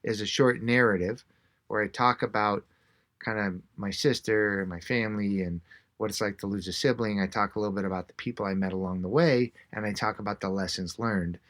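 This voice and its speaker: A man, an author being interviewed, telling a story in an animated way and acting out the quotes. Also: fairly low pitch, a little fast. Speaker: author and guest.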